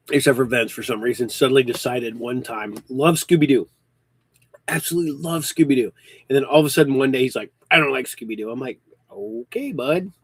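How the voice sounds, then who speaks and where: A man's voice: mid-range voice, husky. A man in his early fifties hosting a podcast, chatting casually and rambling with frequent ums and restarts, hiccuping now and then. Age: 50s. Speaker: podcast host. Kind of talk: casual chat.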